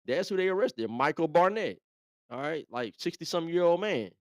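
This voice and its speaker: A man's voice: on the high side, animated, fairly quick, no echo, clean studio sound. Chatty man hosting a live show. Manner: laid-back, chatty, repeats himself. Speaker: host. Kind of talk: casual live commentary.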